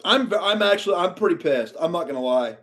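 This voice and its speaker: A man with a high-pitched voice rants through a live draft reaction stream. He mutters low and grumbling, then bursts out louder in exasperation. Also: lively intonation, a little fast. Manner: exasperated ranting, swings from muttering to outbursts.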